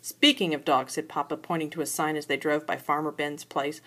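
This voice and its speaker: A woman's voice: low-pitched, fairly even intonation, fairly quick, fairly bright tone. An older woman, a grandmother, reading a storybook aloud at home to a child, with playful asides to the listener.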